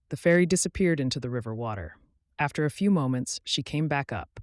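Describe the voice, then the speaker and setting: A man hosting his channel, narrating a children's story clearly and expressively for English learners. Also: mid-range voice, animated, fairly quick, no echo, clean studio sound.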